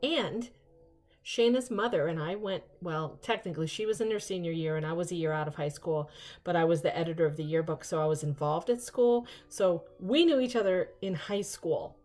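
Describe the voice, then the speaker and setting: Older woman host, lowish voice, excitable and chatty, soft music underneath. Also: moderate pace. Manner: chatty, excitable, rambling asides. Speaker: vlog host. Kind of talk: casual unboxing chat.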